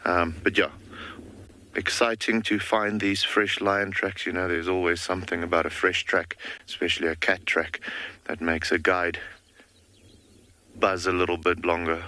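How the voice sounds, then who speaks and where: A man safari guide talking in a relaxed, easygoing way about tracking on a live game drive. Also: low voice, moderate pace. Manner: relaxed, easygoing talk with fillers.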